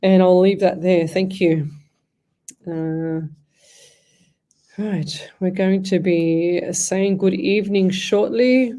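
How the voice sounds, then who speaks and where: A middle-aged woman hosts live psychic readings on the radio. Her voice sits low and mellow. She talks in a chatty, rambling flow, restarting phrases as she thinks aloud. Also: fairly even intonation, slow pace, pauses often. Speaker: radio host and psychic medium.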